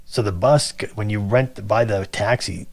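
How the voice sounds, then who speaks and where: A man casually telling a long personal story, animated and acting out the people he quotes. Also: on the low side, unhurried. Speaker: guest telling his story.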